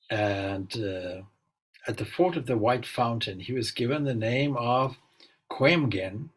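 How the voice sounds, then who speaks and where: A man with a husky, slightly breathy voice giving an informal spiritual talk. He speaks at an easy middle pitch, musing and unhurried, wandering into little asides as he retells old stories for his audience. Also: low-quality recording. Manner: relaxed, musing, with frequent fillers and asides. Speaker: swami leading a spiritual gathering.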